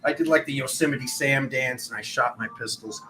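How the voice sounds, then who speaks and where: A man's voice: medium pitch, normal speed, noisy background. A young man giving a spiritual tarot reading, rambling and acting out the voices of people in his stories. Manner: rambling, acts out quoted voices. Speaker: tarot reader.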